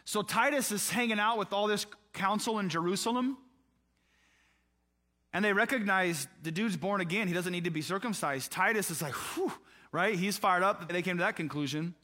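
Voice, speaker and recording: A man's voice: sits high, moderate pace, sharp tone. A man preaching a conversational sermon, asking his listeners questions and acting out short exchanges between people in the story. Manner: acts out voices of people in the story. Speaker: pastor.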